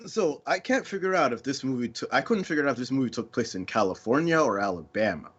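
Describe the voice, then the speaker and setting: A man co-hosting a casual movie-riff chat, cracking wry jokes in a husky voice. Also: mid-range voice, fast, dull audio. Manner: wry, joking, animated. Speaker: podcast co-host.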